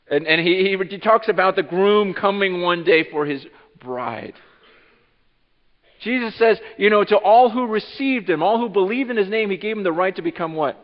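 A man preaching a sermon as pastor, animated and repeating his words, swinging from hushed to loud. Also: sits high, normal speed. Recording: dull sound with long hall reverb.

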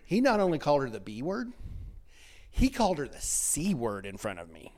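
Lively, animated male counselor. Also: fairly high pitch, moderate pace. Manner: animated, laughs often, repeats words when starting sentences. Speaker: counselor and host. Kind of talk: conversational talk show discussion.

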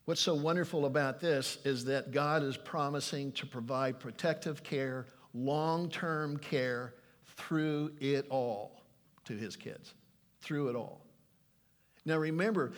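An older man preaching a sermon, earnest and pleading, reading scripture aloud with emphasis. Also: a little high. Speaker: pastor.

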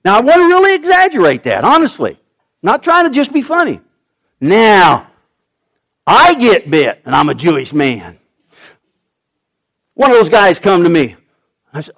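A middle-aged male pastor delivers a sermon in a high, lively voice that swoops up and down. He tells the story dramatically, breaking into shouted lines when he acts out the characters. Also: measured pace, long pauses.

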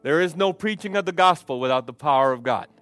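A man's voice: fairly high pitch, expressive, fast, fairly bright tone, dry recording, faint music behind. A man preaching a sermon and leading prayer at a church service, with fervent delivery, repeated phrases and frequent fillers. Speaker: pastor.

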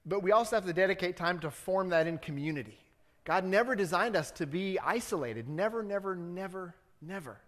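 A man's voice: sits high, animated, fairly quick, fairly bright tone. Conversational male pastor in a reverberant church. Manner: conversational preaching, rising to fervent appeals. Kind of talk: sermon. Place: church sanctuary.

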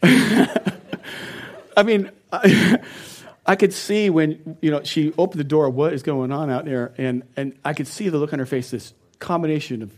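A man's voice: on the high side, measured pace. A middle-aged man, a pastor, preaching a sermon in an earnest and personal storytelling way, often laughing.

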